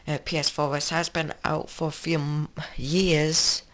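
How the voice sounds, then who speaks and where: A woman's voice: deep voice, level tone, unhurried, fairly bright tone. A woman with an English accent hosting a casual gaming retrospective, rambling and correcting herself as she goes. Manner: rambling, self-correcting, offhand. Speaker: video game channel host.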